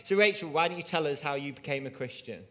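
A man's voice: a little high, expressive, quick pace, fairly bright tone. Friendly male interviewer, faint background hum. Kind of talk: interview questions.

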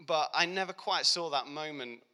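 A young man giving a heartfelt personal faith testimony, speaking earnestly and reflectively with pauses and restarts. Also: on the high side, bright, forceful tone, clear, resonant tone. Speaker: Christian speaker.

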